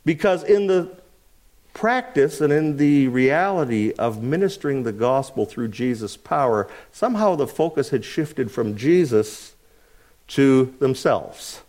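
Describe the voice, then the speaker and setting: A man preaching a sermon in an animated way, asking his congregation rhetorical questions. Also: medium pitch, a little slow. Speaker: pastor.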